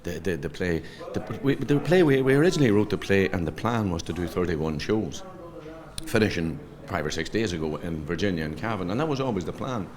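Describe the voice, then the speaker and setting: A slightly mellow, low, animated voice belongs to a middle-aged Donegal-accented Irishman who talks a little fast. As a comedian guest in a casual interview, he spins anecdotes and stumbles over repeated words.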